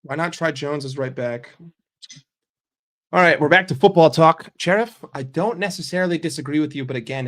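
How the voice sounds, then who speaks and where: A man hosting a casual livestream, reading viewer comments aloud and answering them in a blunt, profane, animated way. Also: mid-range voice. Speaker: livestream host.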